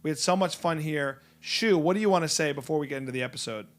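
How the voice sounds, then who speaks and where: A man's voice: on the high side, fast talker. A man hosting a podcast in a studio room, chatting casually in an upbeat, teasing way and laughing often. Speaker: podcast host. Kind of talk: casual chat.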